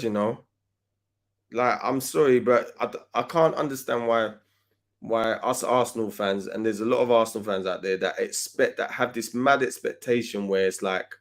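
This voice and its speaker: Animated man ranting about football. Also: medium pitch. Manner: emphatic and animated, swears, slangy. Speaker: host. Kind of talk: casual football fan talk.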